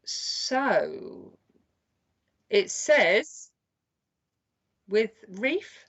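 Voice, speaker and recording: An older woman giving chatty, gentle psychic card readings on a live stream. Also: mid-range voice, very animated, very slow. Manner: chatty and gentle, calls people "my lovely". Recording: slightly dull lo-fi stream audio.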